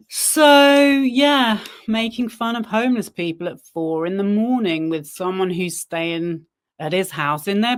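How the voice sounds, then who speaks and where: A woman's voice: mid-range voice, clear, resonant tone. A woman hosting a live stream, giving critical commentary and talking directly to her viewers. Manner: unhurried, critical asides to viewers. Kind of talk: casual commentary on a research stream.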